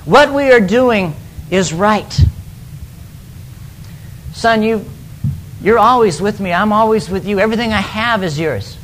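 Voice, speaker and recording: A man voicing a loving, forgiving father in a retold parable, speaking gently and reassuringly. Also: high voice, animated, unhurried, pauses often, slight background noise. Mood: tender.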